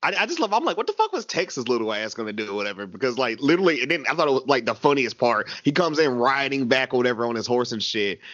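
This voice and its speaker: Male co-host, lively swearing storyteller, dry muffled sound. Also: medium pitch, fast talker, few pauses, dry recording. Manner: animated storyteller, swears freely. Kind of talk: casual movie recap.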